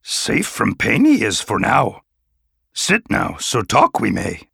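A man putting on an ancient little alien master, stern but with a dry gentleness, who twists his sentences backwards and hums as he weighs each word. The voice is low and gravelly, close and dry, like a storybook reading. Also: wildly swooping pitch, slow, no echo, full character voice. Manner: inverted word order, thoughtful hums. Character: ancient small male alien sage, stern yet dryly gentle.

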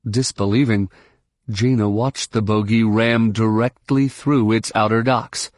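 A man narrating an audiobook in a steady, measured storytelling voice. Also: fairly low pitch, dry recording, clean studio sound. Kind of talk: scripted narration.

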